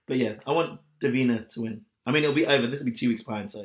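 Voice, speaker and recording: A man's voice: medium pitch, very fast. A young man from England co-hosting a casual podcast, with a slightly posh-sounding way of speaking. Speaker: podcast co-host. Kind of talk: casual chat.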